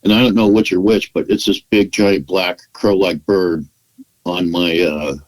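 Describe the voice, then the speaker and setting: Deep-voiced man telling a story. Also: fairly even intonation, unhurried, poor audio. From California, United States. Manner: acts out quoted dialogue in his retelling; frequent restarts and "you know" fillers. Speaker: podcast guest. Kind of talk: conversational storytelling.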